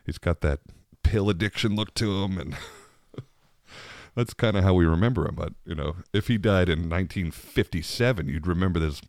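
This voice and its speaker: A man's voice: low voice, normal speed, darkish tone, dry recording, clean studio sound. A man hosting a podcast in a rambling, casual monologue, laughing often as he talks. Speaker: podcast host.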